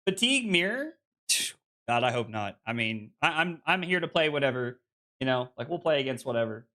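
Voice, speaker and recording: A man's voice: medium pitch, sing-song, brisk, bright, forceful tone. A man streaming a card game, chatting casually with viewers and reading their messages aloud, with lots of fillers. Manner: chatty, full of "like" fillers, reads chat aloud.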